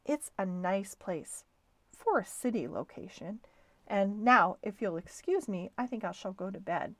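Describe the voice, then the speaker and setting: A woman's voice: mid-range voice, animated, measured pace, no room sound. A woman voicing a tiny, polite female songbird in a storybook reading. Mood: gentle. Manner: polite, gentle, proper.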